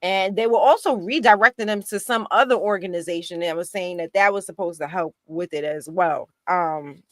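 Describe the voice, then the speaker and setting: A woman talking in a casual political discussion, animated and indignant, with many restarts. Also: fairly low pitch, normal speed, dry recording, clean studio sound. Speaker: guest activist.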